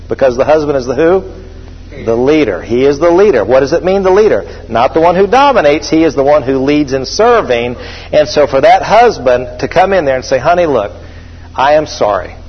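Man, middle-aged, pastor, emphatic sermon, husky voice, long hall reverb, muffled sound. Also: a little high. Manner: preachy, emphatic, calls out to the congregation. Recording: dull echoey hall recording.

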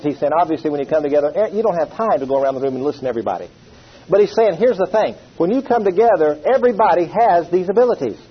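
A man's voice: high voice, breathy edge. A middle-aged man preaching a sermon, telling stories with acted quotes and calling on the congregation to respond. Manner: animated storytelling with acted quotes and call-and-response. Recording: dull lo-fi sound.

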